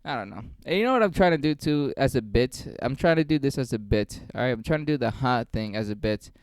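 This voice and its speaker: A man's voice: medium pitch, lively intonation, brisk, dry recording. A young man, a stand-up comedian, rambling through a casual vlog with lots of swearing and self-mockery. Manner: rambling, profane, self-mocking.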